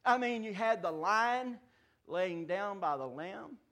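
Emphatic, high-voiced preacher in his fifties. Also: lively intonation, slow. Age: 50s. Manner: emphatic, wide swings between loud declarations and hushed asides; folksy, joking and conversational. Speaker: pastor. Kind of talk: sermon. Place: church sanctuary.

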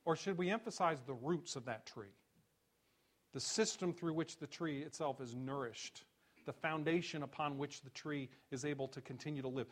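A male pastor delivering a sermon, building to loud, rising rhetorical questions and dropping low and soft on key phrases. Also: normal speed.

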